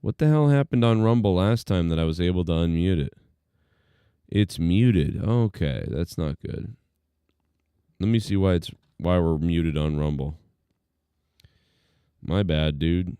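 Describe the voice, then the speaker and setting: A man with a low, warm voice talks loosely over a live stream, rambling and trailing off with ums and uhs. His voice comes through smooth and close, with no room sound around it. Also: measured pace, long pauses, no echo. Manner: laid-back, rambling, full of fillers. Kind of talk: casual live-stream commentary.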